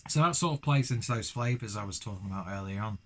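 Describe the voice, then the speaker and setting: A man's voice: on the low side, quick pace, fairly bright tone. A young man chatting through a beer review, rambling and self-deprecating, with lots of fillers. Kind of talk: casual beer review vlog.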